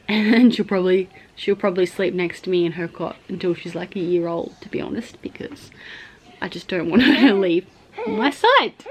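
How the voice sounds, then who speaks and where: A woman's voice: mid-range voice, normal speed, slight background noise. An Australian woman in her thirties chatting casually to a phone camera in her bedroom at night, rambling with lots of fillers. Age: 30s. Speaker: vlogger. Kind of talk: casual chat.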